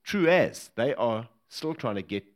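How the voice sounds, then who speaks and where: A man's voice: medium pitch, unhurried. A man from Africa, a former bodyguard telling a humorous story to a live audience and laughing along with it. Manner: lively and humorous, laughing at his own story.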